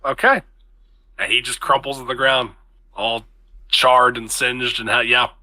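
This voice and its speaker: A man's voice: mid-range voice, fairly even intonation, unhurried, sharp tone. A man running a tabletop role-playing game as game master, narrating the action in a casual, joking way.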